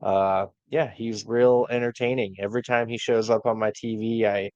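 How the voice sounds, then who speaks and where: A man's voice: fairly low pitch, fairly even intonation, normal speed, darkish tone, dry recording. A man co-hosting a wrestling podcast, recapping matches in a laid-back way with many fillers. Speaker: podcast co-host. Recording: dull lo-fi dry sound.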